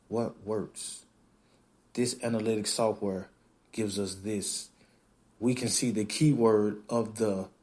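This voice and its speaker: A man hosting a podcast, talking in a casual, animated monologue that acts out quoted voices and swears freely. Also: fairly low pitch. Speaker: podcast host.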